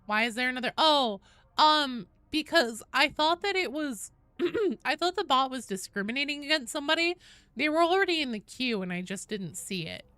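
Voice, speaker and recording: A woman's voice: high voice, expressive, normal speed, pushed and bright, no echo. A woman game streamer chatting casually with her viewers while playing, swearing freely and greeting people in chat. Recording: game music playing behind the voice.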